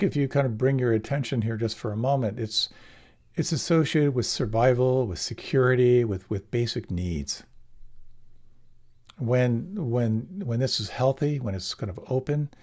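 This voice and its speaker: A middle-aged man giving a gentle, unhurried meditation talk, often restarting his phrases as he teaches. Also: medium pitch. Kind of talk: dharma talk.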